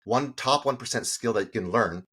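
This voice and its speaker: A man's voice: mid-range voice, moderate pace, breathy edge. A middle-aged man, a sales coach guest on an interview show, telling stories animatedly and acting out the dialogue. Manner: animated storytelling, acts out quoted dialogue. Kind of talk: casual interview talk.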